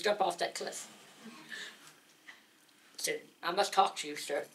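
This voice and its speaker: Lively woman telling a funny story. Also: fairly low pitch, a little hiss or hum. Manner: lively, dramatic, laughs along. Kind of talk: live humorous storytelling. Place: gathering of singers, indoors.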